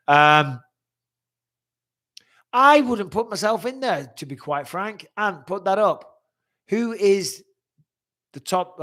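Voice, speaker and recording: Reading viewers' questions out loud on his live stream, a middle-aged man gives blunt answers laced with frequent curses. He speaks in a fairly high, fairly bright voice.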